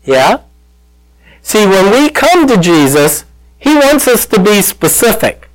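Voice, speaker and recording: A man's voice: sits high, big pitch swings, takes it slowly, poor audio. A man preaching a sermon as pastor, retelling a story and acting out the voices in it. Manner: storytelling, acts out quoted voices, calls out to listeners.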